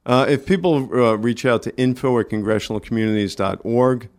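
A man with a New York accent, a guest on a casual radio interview, talking in halting bursts with many restarts. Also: mid-range voice, darkish tone. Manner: halting, restarts often, friendly. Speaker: community organizer guest.

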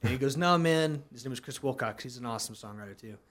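A man from South Carolina talks quickly through his stories as a guest musician, in a mid-pitched voice. He is animated and acts out the lines of other people as he tells them. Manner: animated, acts out quoted dialogue. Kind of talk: casual interview storytelling.

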